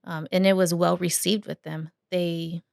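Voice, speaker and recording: A woman with a somewhat low voice speaks softly and hesitantly, often restarting as she looks for words. The sound is dry and close, with no room echo. She is taking part in a casual podcast conversation. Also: flat delivery, creaky. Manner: hesitant, halting, soft-spoken.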